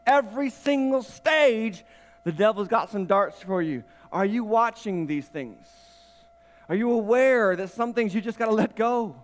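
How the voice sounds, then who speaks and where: A male pastor preaching an animated, emphatic sermon, laughing often and repeating his points. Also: sits high, in a large hall.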